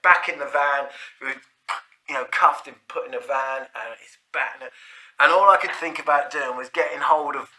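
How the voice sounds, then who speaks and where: Man, very bright tense voice, rambling and sweary, casual storytelling. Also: mid-range voice. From South London. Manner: rambling, sweary, full of restarts and "like, you know".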